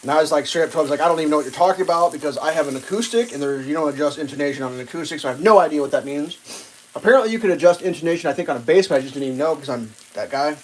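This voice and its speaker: A man tells a long, rambling story on a live stream, his voice sitting a little high and loose. He swears freely and jumps into a raised voice when he quotes people. Faint frying and sizzling can be heard behind him. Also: racing, a little hiss or hum. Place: home kitchen while cooking.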